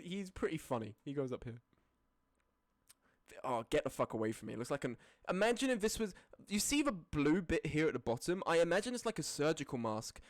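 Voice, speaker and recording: Streamer ranking pics, keeps cracking up and swearing, voice jumps all over, dry close mic. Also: no echo. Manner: giggly, breaks into high laughing fits; swears freely, drops to low mutters. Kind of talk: casual live-stream commentary.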